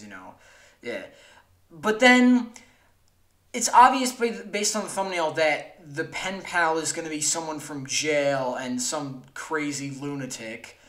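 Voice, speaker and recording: Brief: offhand, rambling male reaction host, slightly high, echoey room. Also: fairly bright tone. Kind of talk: casual reaction commentary. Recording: roomy echo.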